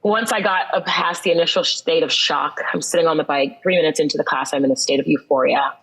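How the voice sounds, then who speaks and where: A woman's voice: low voice, steady tone, fast talker, a bit bright, husky, low-quality recording. Earnest woman telling a personal story. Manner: earnest and reflective, with repeated phrases for emphasis. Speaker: guest.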